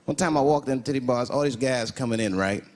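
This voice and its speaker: A man doing a stand-up comedy set in a club, animated and acting out characters in shifting voices. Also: medium pitch, quick pace. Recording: live club set over loud crowd laughter. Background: audience laughing.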